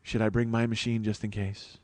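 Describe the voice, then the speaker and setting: A man's voice: fairly low pitch, level tone, brisk, darkish tone, no echo. A man hosting a podcast, telling a rambling comic story in an exasperated, profane, self-mocking way. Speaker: podcast host.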